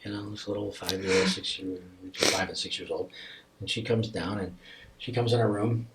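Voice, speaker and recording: A middle-aged man telling a deeply personal story as a podcast guest, halting and repeating himself as his voice rises and falls with emotion. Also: fairly even intonation, heavy background noise.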